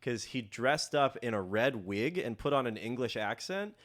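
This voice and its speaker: A man's voice: mid-range voice, expressive, normal speed, a bit bright. A man co-hosting a comedy podcast, telling a history story in a rambling, joking way and laughing often. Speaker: podcast co-host. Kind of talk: casual comedic chat.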